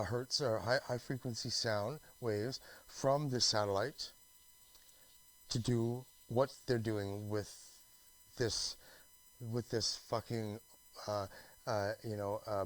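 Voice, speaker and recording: A Canadian male vlogger with a fairly low voice rambles restlessly in a monologue full of restarts, fillers and swearing. The recording quality is low.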